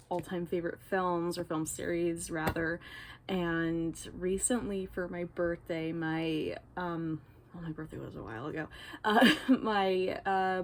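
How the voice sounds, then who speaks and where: A young woman unboxing a tarot deck in a vlog, gushing with breathless excitement, gasping and squealing between her words. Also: lowish voice. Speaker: tarot vlogger.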